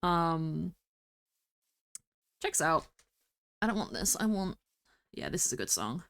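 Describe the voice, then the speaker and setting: A woman streamer rambling through casual gameplay commentary, talking to herself with bursts of excited exclamations. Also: low voice, slow, creaky. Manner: chatty, rambling self-talk with excited exclamations. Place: home streaming setup.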